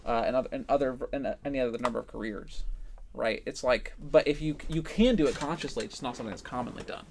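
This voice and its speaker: A man's voice: medium pitch, fast, creaky, a little hiss or hum. A young man co-hosting a podcast, talking in a casual, rambling and reflective way, full of fillers and restarts. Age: young adult. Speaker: podcast co-host. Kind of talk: casual chat.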